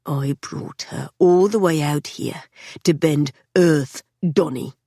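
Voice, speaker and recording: A woman reads a young man in a storybook audiobook who stays calm and casual while hinting at malice. His voice sits a touch low, and the sound is dry and close. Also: normal speed, no room sound. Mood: calm, menacing. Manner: casual, even-tempered, veiled threat.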